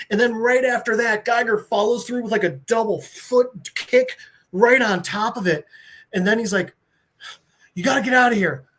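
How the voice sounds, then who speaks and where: A man on a podcast, recapping a comic book story with excitement and swearing, briefly voicing the characters. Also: high-pitched. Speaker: podcast co-host.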